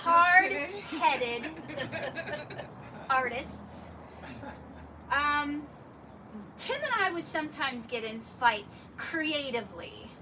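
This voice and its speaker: A woman's voice: high voice, very slow, pauses often. Woman sharing funny stories at a memorial, laughs a lot, kinda far from the mic with noise behind. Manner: animated, laughing, acts out dialogue. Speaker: speaker at a memorial gathering. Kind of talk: storytelling tribute. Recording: distant mic with clear background noise.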